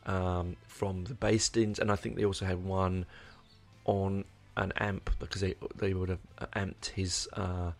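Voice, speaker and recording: Low, gravelly man; casual sweary music reviewer, faint music underneath. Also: level tone, measured pace. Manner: rambling, sweary, enthusiastic with restarts. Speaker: album reviewer. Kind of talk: casual spoken album review.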